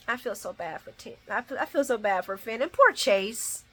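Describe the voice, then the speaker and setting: A woman hosting a casual recap, talking emotionally and rambling, sometimes shouting her reactions. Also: a little high, lively intonation, moderate pace, few pauses, breathy edge. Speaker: soap opera recap host.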